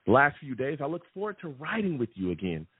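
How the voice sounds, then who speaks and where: A man hosts a live sports call-in show, talking in an animated, chatty way and tagging his points with "okay?" His voice is a little husky and swings up and down a lot. The sound is thin and tinny like a phone line, and very dry. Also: medium pitch, fast, dry recording. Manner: animated and chatty, repeats "okay?" and "all right?" often. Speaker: sports podcast host.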